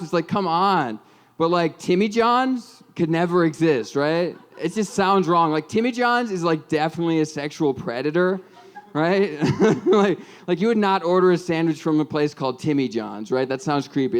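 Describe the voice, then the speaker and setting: A man's voice: fairly high pitch, smooth. A man in his twenties from Minnesota doing a stand-up comedy set, rambling and self-deprecating, full of ums and likes. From Minnesota, USA. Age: 20s. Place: comedy club stage with audience.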